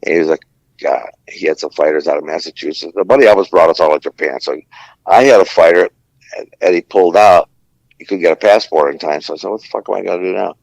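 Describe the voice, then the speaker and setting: Fast-talking and low-pitched, with a darkish tone, the former ring announcer rattles off meandering fight tales on a podcast, cursing and filling pauses as he goes. There's no room sound, and the recording is rough.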